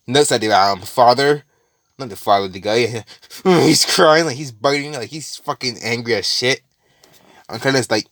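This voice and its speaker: A man's voice: mid-range voice, a bit bright, no room sound, clean studio sound. A man casually retelling a fan story in a rambling, profane way, full of fillers and restarts.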